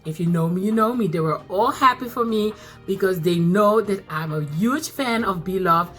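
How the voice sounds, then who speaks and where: Excitable woman with a bright voice. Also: medium pitch, moderate pace, soft background music. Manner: excitable, repeats phrases, bursts of laughter. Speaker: mukbang vlogger. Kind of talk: casual chat to camera.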